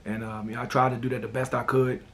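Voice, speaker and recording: A man hosting a casual talk show, telling personal stories in a relaxed way and often repeating "man" and "you know.". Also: mid-range voice, fast, slight background noise. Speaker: host.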